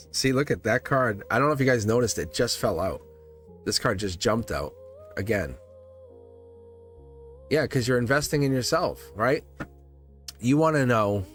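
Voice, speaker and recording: Chuckling man reading tarot live. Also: lowish voice. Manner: rambling, repeats phrases, chuckles often. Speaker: tarot reader livestream host. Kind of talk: live tarot reading, casual spiritual talk.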